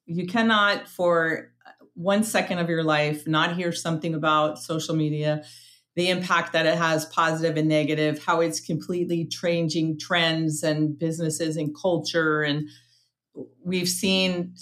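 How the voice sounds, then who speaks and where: A woman's voice: sits low, steady tone, a little slow, fairly bright tone. Chatty, upbeat woman podcast host. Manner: chatty and upbeat, rambling restarts. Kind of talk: casual interview chat.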